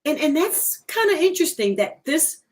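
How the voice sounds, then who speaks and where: A woman's voice: high voice, sing-song, normal speed. Woman host chatting, attentive, lots of mm-hmms and yeses. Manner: attentive, frequent affirmations. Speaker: interview host. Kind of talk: conversational interview.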